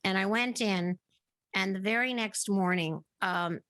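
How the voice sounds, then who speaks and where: A woman's voice: mid-range voice, a little slow, fairly bright tone, no room sound. Middle-aged woman telling a long story. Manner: narrates at length, acting out remembered dialogue. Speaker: podcast guest. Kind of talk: casual interview storytelling.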